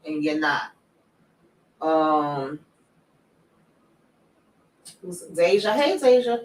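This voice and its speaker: A woman's voice: sits low, expressive, extremely slow, roomy sound, recorded from a distance, low-quality recording. A woman hosting a casual TV recap chat, telling the story loosely in slang and reading viewer comments aloud. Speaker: show host.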